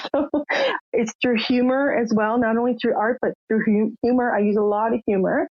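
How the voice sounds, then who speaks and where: On a podcast, an older woman from Canada tells her story with candor and feeling, performing the voices of those involved. She speaks at a moderate pace in a steady, high-sitting voice. The sound is muffled, lo-fi and dry.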